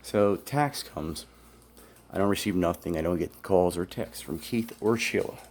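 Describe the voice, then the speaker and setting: Man, very low voice, aggrieved, profane, casual first-person story. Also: a little slow, a little mellow, a little hiss or hum. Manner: aggrieved, blunt and profane, quoting others as he recounts. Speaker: former employee telling his grievances.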